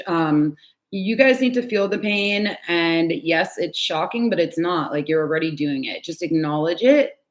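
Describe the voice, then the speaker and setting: A woman giving a casual tarot reading from home, chatty and candid, with frequent sighs and the odd swear word. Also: fairly low pitch. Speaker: tarot reader.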